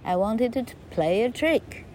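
A woman's voice: a little high, expressive, measured pace, dark tone, a little hiss or hum, voice pushed up. A woman voicing a mischievous young village boy who is a shepherd, with a playful, cheeky manner. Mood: giggly.

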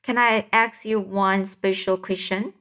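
A woman's voice: mid-range voice, fairly even intonation, unhurried, fairly bright tone, natural voice. A woman voicing a polite, curious young boy asking earnest questions in a storybook reading.

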